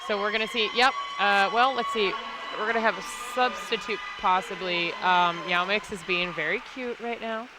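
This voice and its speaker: A woman calls a roller derby bout in a playful, joking way. Her voice sits at a middling pitch. There is clear noise from the venue in the recording. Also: moderate pace. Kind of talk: live sports commentary. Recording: noisy arena broadcast feed.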